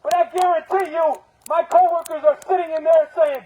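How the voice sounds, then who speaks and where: A very high, steady, darkish male voice comes through a low-quality recording of a protest speech. He's a union steward outdoors, furious and profane, firing off quick rhetorical questions and cursing.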